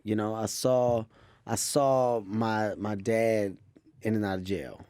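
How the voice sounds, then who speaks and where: Animated male comedian telling stories. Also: fairly low pitch, no room sound, studio quality. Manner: animated, quick storytelling. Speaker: comedian guest. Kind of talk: interview storytelling.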